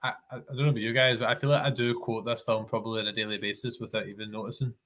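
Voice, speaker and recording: A man's voice: on the low side, little pitch movement, rapid-fire, fairly bright tone. A man with a Scottish accent, rambling and self-correcting as he chats casually about a film on a podcast. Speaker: podcast co-host.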